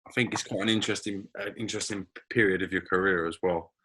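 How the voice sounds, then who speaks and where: A man interviewing a former footballer, asking questions in a relaxed, conversational way. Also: sits low, fast, slightly rough.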